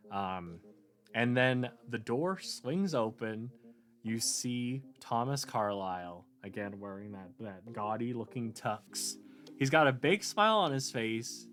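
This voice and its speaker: A man's voice: medium pitch, fairly bright tone. A man narrating a tabletop game as game master, hesitant and full of fillers. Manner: hesitant, many fillers and restarts.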